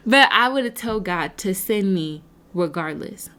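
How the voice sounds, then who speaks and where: A woman's voice: mid-range voice, animated, measured pace, sharp tone. A woman giving an earnest, faith-based motivational talk to camera, speaking to her viewers like a preacher and piling up rhetorical questions. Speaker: motivational speaker and nonprofit founder.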